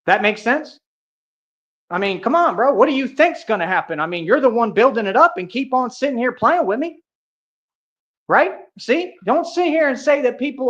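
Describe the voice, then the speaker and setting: A man's voice: very high-pitched, very animated, moderate pace, a bit bright. A man on a livestream, ranting in a confrontational, boastful way, full of street slang and 'bro' and 'real talk'. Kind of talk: heated livestream rant. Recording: dull lo-fi stream audio.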